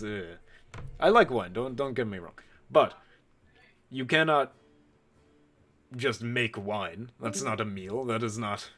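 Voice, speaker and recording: A man's voice: medium pitch, fairly bright tone. A man voicing a stern, scornful male head chef who lectures in formal speech without contractions.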